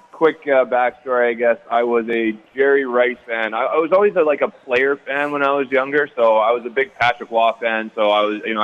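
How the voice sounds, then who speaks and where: Easygoing man on a dull remote line. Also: medium pitch. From Canada. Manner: easygoing, rambling with many fillers. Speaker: guest athlete. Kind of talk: casual interview chat.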